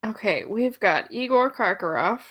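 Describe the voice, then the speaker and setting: A woman's voice: mid-range voice, lively intonation, normal speed, a bit bright. A young woman co-hosting a podcast in casual chat, wry and improvising. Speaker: podcast co-host.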